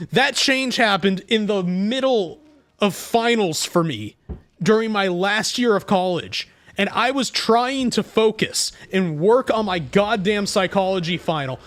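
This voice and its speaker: A young man streaming a game and ranting to chat, profane and quick to anger. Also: high voice, lively intonation, a bit bright. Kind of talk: casual gaming stream chat.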